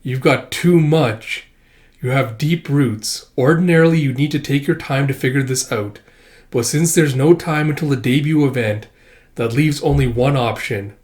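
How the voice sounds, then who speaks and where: A man voicing a calm, teasing male storytelling master who speaks in measured, slow phrases. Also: medium pitch, lightly acted.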